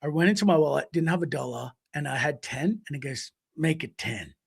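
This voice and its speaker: A man co-hosting a podcast, telling stories casually in an animated way, swearing freely and acting out voices. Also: fairly high pitch, quick pace, vocal fry, breathy edge. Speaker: podcast co-host. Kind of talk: casual storytelling.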